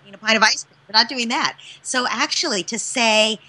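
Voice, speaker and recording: Bright-voiced woman explaining parenting stuff, emphatic and expressive. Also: fairly high pitch, a little fast, hardly any pauses. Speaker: parenting expert guest. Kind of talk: interview answers.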